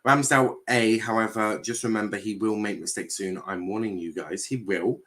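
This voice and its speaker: A man's voice: fairly low pitch, normal speed, fairly bright tone. A man hosting a casual football chat stream, laughing often and reading out viewer comments. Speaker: stream host.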